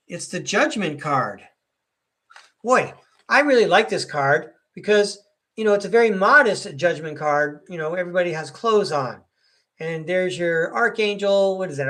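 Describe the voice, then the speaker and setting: A man's voice: high voice, fairly bright tone. A middle-aged man giving a chatty, upbeat live tarot reading and speaking to viewers by name. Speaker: tarot reader hosting a live stream.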